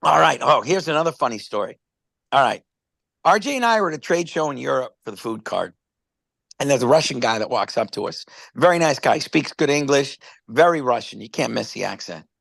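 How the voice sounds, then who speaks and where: A man's voice: medium pitch, animated, a little fast, gravelly, a bit bright, dry recording. A man casually presenting a product on a live stream, rambling through stories and stumbling over repeated words.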